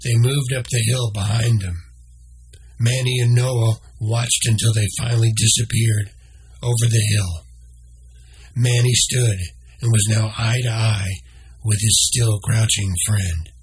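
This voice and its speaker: Slow husky man reading a story. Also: fairly low pitch, level tone. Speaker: narrator. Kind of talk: storybook read-aloud.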